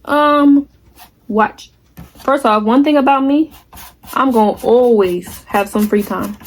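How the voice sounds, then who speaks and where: A woman's voice: fairly high pitch, slow. Chatty young woman in her twenties. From United States. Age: 20s. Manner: chatty and candid, addresses viewers as y'all. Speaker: vlogger. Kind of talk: casual vlog chat while crafting.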